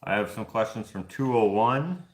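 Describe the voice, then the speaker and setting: Rambling, chuckling man with a low voice. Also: animated, normal speed, reverberant. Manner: rambling, chuckling, loose and chatty. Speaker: vlog host running a giveaway. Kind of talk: casual chat.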